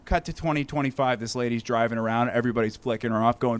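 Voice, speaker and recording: A man's voice: mid-range voice, fast talker, few pauses, slight background noise. A man doing a stand-up comedy set on a club stage, swearing freely and acting out characters in different voices. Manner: animated, swearing, acts out characters.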